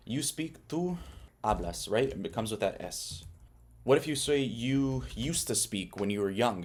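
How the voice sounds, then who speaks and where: A young man teaching Spanish in a relaxed online lesson, explaining patiently and putting questions to the viewer. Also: fairly low pitch, slightly rough.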